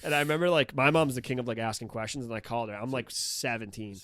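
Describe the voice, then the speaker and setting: A comedian guest in casual podcast chat, telling stories in an animated way, acting out quotes and laughing as he goes. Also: medium pitch, fast. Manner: animated storyteller who acts out quotes, laughs mid-story.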